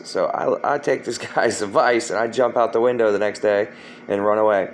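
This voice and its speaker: A man's voice: on the low side, fairly quick, a little hiss or hum, poor audio. A man from Florida telling a story from his past in a rambling, profane way, full of fillers and restarts. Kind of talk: casual spoken storytelling.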